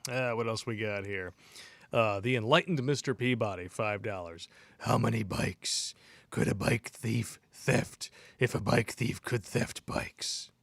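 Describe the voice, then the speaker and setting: A bright-toned man hosts a livestream and runs through chat messages and tips with easy banter. His voice is close-miked and dry. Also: on the low side, measured pace, gravelly, no room sound. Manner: breezy, laughs easily. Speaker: host reading chat donations.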